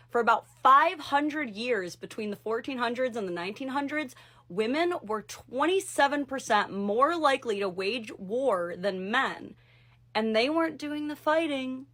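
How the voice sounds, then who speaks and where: A bright-voiced woman delivering punchy scripted commentary. She sounds sassy and sarcastic, and she leans hard on her words. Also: on the high side. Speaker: video commentator.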